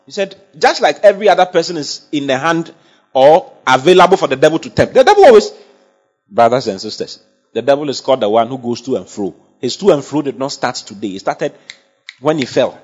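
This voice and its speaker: In a dull lo-fi recording, a man delivers a sermon in a mid-range voice with a breathy edge, animated and fairly quick. He preaches emphatically, often checking that his listeners are following along.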